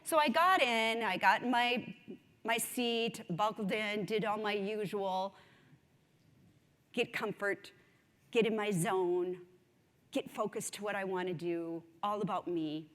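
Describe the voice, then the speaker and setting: A woman giving a conference speech, telling a story in an animated, self-mocking way. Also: medium pitch, slow pace. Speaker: conference speaker. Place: large conference hall. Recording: long hall reverb.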